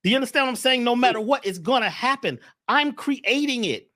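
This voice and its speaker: A man talking in a casual online show, animated and preaching-like, with dramatic rises and drops in his voice. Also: extremely high pitch, fairly quick, no echo, clean studio sound. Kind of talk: casual podcast chat.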